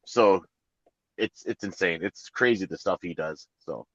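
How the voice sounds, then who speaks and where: Easygoing trucker co-host, muffled. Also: male voice, low voice, measured pace, no room sound. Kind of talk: casual podcast chat.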